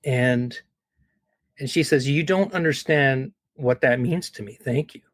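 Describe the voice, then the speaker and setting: A man's voice: mid-range voice, measured pace, no room sound. Earnest man telling heartfelt stories. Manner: heartfelt, repeats words and asks "right?". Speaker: guest. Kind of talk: earnest conversational storytelling.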